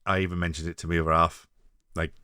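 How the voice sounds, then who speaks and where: A man's voice: low voice, little pitch movement, fast, pushed and bright, smooth, dry recording, studio quality. A man hosting a podcast in casual chat, rambling and hedging as he restarts his thoughts. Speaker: podcast host.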